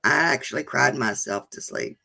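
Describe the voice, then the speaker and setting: A woman's voice: extremely low pitch, expressive, normal speed, vocal fry, pushed and bright, breathy edge. A woman, chatting casually and emotionally with viewers during a live stream. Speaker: vlogger hosting a live chat.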